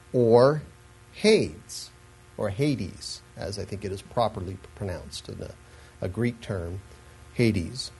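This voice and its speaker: A man's voice: mid-range voice, darkish tone, slightly rough, low-quality recording. A man giving an earnest, explanatory Bible lesson in a sermon style, with asides and frequent restarts. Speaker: Bible teacher.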